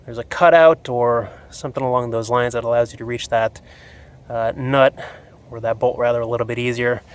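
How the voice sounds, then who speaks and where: A man filming a casual how-to walkthrough outdoors next to his motorcycle on his phone, a little out of breath from the heat and talking with many fillers. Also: mid-range voice. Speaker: motorcycle vlogger. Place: outdoors beside a motorcycle in hot weather. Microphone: phone camera.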